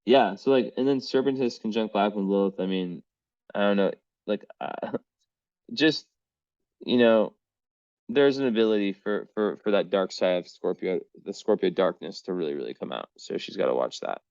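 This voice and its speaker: A man's voice: fairly low pitch, normal speed, darkish tone, no echo, highs cut off. A man reading astrology charts in a casual, rambling way, full of fillers and the odd swear word.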